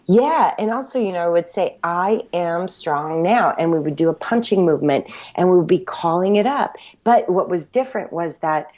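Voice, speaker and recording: A woman's voice: fairly low pitch, lively intonation, a little fast, few pauses, warm tone. A woman who created a workout method, talking passionately and emphatically in an interview, sometimes acting out her own self-talk. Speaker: fitness instructor and workout creator. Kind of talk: interview conversation.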